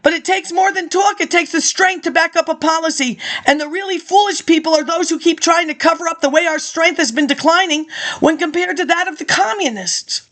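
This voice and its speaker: A woman reading an old political speech aloud and breaking off into chatty, rambling asides with laughs and throat clearing. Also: very high-pitched, fairly quick, a bit bright. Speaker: reader of archive documents.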